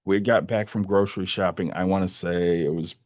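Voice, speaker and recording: Man, Michigan accent, low voice, podcast co-host, long casual story, dry close sound. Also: steady tone, fairly quick, darkish tone, no echo. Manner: tells long stories, quoting others with a laugh. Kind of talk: casual chat.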